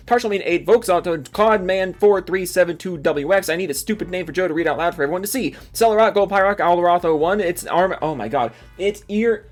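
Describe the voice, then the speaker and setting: A young man from Seattle rants sarcastically about gaming news, swearing often. He then rattles off a long list of supporter names, breaking in with loud yelps. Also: high-pitched, a little fast, hardly any pauses, faint music behind. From Seattle, USA. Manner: exasperated, profane and sarcastic, with sudden loud yelps. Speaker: gaming YouTuber. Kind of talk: ranting commentary and reading out supporter names.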